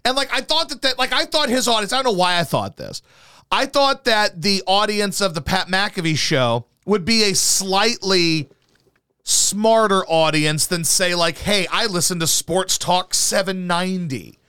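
A man's voice: high voice, animated, measured pace, sharp tone, smooth. A swearing, sarcastic man ranting. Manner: combative, sarcastic, swears constantly. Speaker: podcast co-host. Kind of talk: profane comedic rant. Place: house.

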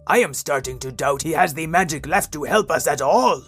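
A man's voice: on the high side, expressive, normal speed, a bit bright, breathy edge, soft background music, exaggerated voice. A man voicing a proud, grandiose male dragon-unicorn steed with formal, pompous phrasing in a comedic audio story. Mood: haughty.

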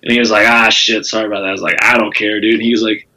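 A man's voice: on the low side, little pitch movement, rapid-fire, pushed and bright, poor audio. A man with a Southern US accent, a comedian telling stories in a casual podcast chat, rambling with lots of fillers and cursing. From South Carolina. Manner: rambling storytelling with frequent fillers and profanity. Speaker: comedian guest.

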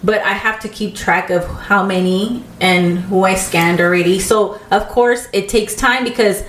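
A woman's voice: unhurried, echoey room, slight background noise. A woman casually telling a story on a podcast, acting out the people in it with a raised voice. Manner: animated storyteller, acts out quotes in higher voice. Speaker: podcast co-host.

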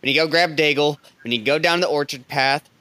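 Urgent, profane man with a crisp voice. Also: fairly high pitch, fast, bright, forceful tone, dry recording. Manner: urgent and profane, repeats himself. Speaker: player. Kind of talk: casual tabletop game chat.

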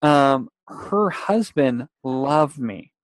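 A man's voice: medium pitch, expressive, very slow, dry recording. Rambling young man telling a story. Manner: rambling, with restarts, laughs and acted-out quotes. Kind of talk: casual storytelling.

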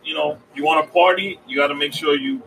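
A man from Washington Heights hosting a casual interview chat, relaxed and prone to quick restarts. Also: fairly high pitch, creaky, over a noisy crowd. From Washington Heights, New York. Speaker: podcast host. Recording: distant mic with faint room noise.

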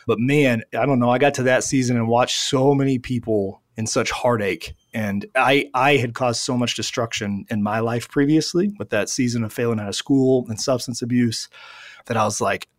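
A man's voice: medium pitch, fairly even intonation, normal speed, no echo, studio quality. A man in his forties talking as a podcast guest, earnest and heartfelt, often dropping "man" and "dude" in casual conversation. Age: 40s. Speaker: podcast guest, business owner.

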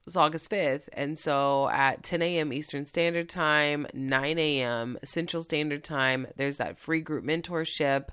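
A woman host and mentor giving a chatty, energetic motivational talk, with quick bursts of speech. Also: sits low, smooth.

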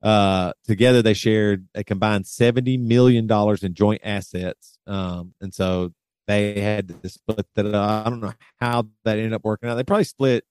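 Male host, low voice, casual delivery with loose asides; dry mic. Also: fairly even intonation, a little mellow, smooth, dry recording. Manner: loose, reads out figures with halting asides. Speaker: podcast host. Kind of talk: casual chat, reading news items aloud.

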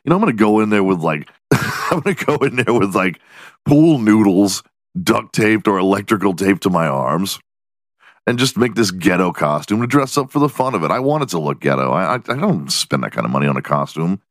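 Man, podcast host, very low voice, profane, joking, dry close sound. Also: very animated, brisk, no echo. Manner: profane, joking, laughs at his own jokes. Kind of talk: casual solo podcast monologue.

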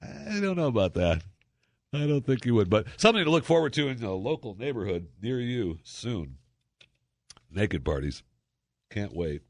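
Man, radio talk host, jokey, lively swings in pitch, dry studio sound. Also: moderate pace, no room sound. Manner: jokey, animated, lots of fillers. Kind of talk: casual talk radio monologue. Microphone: studio microphone.

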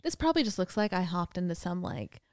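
A woman's voice: on the low side, very animated, fast talker, darkish tone, no echo, clean studio sound. A woman co-hosting a podcast in casual chat, giggly and self-conscious, often trailing off and hesitating. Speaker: podcast co-host.

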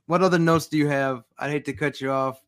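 Higher-voiced man hosting a casual podcast. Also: a little fast. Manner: animated, profane, playful. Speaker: podcast host. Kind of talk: casual chat.

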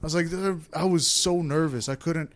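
A man's voice: a little high, normal speed. A young man casually telling a rambling, candid personal story in a podcast chat, acting out what people said.

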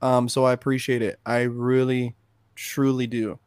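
A man co-hosting a podcast in casual chat, talking in a rambling, animated and profane way. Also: mid-range voice, normal speed, clear, resonant tone, no room sound. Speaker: podcast co-host.

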